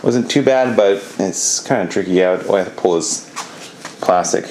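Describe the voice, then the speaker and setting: A deep-voiced man talks through a motorcycle job in his garage, laid-back and rambling, with a touch of exasperation. A faint hiss of background noise sits under his voice. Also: moderate pace, darkish tone. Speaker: motorcycle DIY vlogger. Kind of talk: casual how-to narration.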